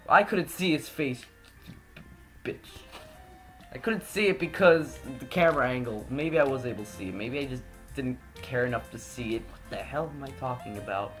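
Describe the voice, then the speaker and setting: Let's play host, rambling and joking, faint game music behind. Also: male voice, mid-range voice, normal speed, fairly bright tone. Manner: joking, rambling, self-correcting. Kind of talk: gameplay commentary.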